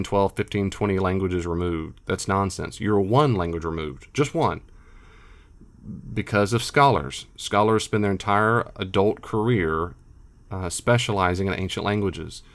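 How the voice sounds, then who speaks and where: Middle-aged male scholar, lower pitch, emphatic unscripted monologue with repetitions. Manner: emphatic, repeats himself, animated asides. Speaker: biblical scholar and lecturer.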